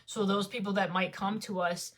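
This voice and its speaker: A woman's voice: medium pitch, flat delivery, normal speed. A woman vlogger talking casually to camera about spirituality, rambling with many fillers.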